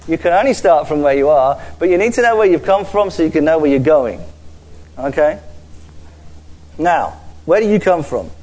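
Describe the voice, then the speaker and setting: Earnest preacher man, slightly high voice. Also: expressive, a little mellow, poor audio. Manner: earnest, with halting restarts and repeated words; slows down to stress key phrases. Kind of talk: sermon. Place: church gathering with a screen before an audience.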